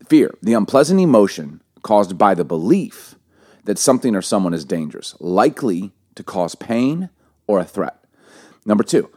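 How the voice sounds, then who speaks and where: A man in his forties co-hosting a casual talk, an animated storyteller who repeats phrases for emphasis. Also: lowish voice. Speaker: podcast co-host. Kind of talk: casual chat with teaching.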